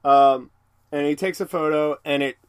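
A man's voice: fairly high pitch, steady tone, moderate pace, clear, resonant tone, no room sound, clean studio sound. A man co-hosting a podcast, chatting loosely about a cartoon episode, rambling and laughing often. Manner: rambling, laughs often, quotes characters in silly voices. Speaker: podcast co-host. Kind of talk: casual chat recapping a cartoon episode.

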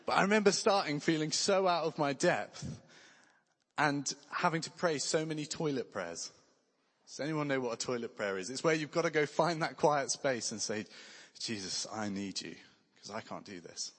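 A man's voice: a little high, lively intonation, normal speed, fairly bright tone. A man preaching a sermon in an earnest, conversational way with touches of light humor. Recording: long hall reverb.

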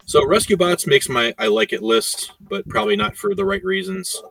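Gravelly bright-voiced man, far from mic. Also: high-pitched, moderate pace. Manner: rambling, many "you know" fillers. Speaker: podcast co-host. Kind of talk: casual chat. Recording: voice distant from the mic.

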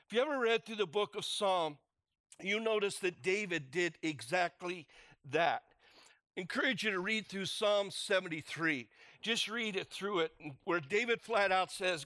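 Bright-voiced male pastor preaching. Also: high-pitched, unhurried, no room sound. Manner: earnest, conversational preaching with lively acted quotes. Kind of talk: sermon.

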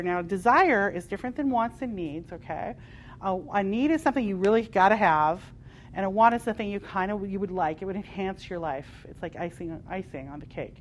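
A woman leading a live spiritual workshop, passionate and emphatic, swinging between loud declarations and quieter asides. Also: mid-range voice, animated, a little fast. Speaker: workshop leader. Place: workshop room with a live audience.

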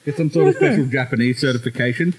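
A man's voice: medium pitch, sing-song, fast talker. A man in his thirties with an Australian accent, a podcast co-host in casual chat, sardonic and profane, often acting out the voices of people he met. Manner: sardonic, swears, acts out other people's voices.

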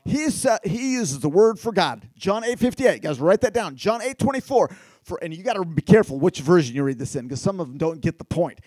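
A man preaching a sermon, animated and talking straight to his listeners, at times rising to near-shouts. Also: sits high, a little fast, no echo. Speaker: pastor.

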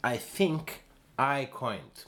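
An Icelandic man co-hosts a podcast, chatting casually in a very slow, sing-song, slightly bright medium-pitched voice. He hesitates a lot, using many fillers and restarting his sentences.

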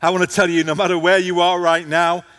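A man's voice: high-pitched, level tone, fairly quick, fairly bright tone, clean tone, long reverb tail. A male pastor preaching a passionate sermon to a congregation, his intensity rising and falling.

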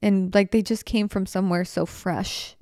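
A woman's voice: mid-range voice, fairly even intonation, moderate pace, a little mellow, no echo, studio quality. A woman in her twenties hosting a solo podcast, talking in an earnest, rambling, heartfelt way, cutting herself off and restarting, tearful at times. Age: 20s. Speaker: podcast host. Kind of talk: casual solo podcast talk.

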